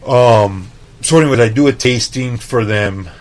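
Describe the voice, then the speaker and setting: A man from El Paso, a chef telling stories in a casual interview, animated and swearing freely, peppering his talk with "like" and "right?". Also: medium pitch, normal speed. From El Paso, Texas. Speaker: chef, podcast guest.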